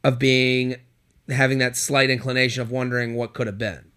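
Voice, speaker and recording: A man's voice: medium pitch, level tone, a bit bright, clean tone. A young man hosting a podcast, giving joking, chatty relationship advice. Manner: joking, chatty, quick asides. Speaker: podcast host. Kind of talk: casual advice chat.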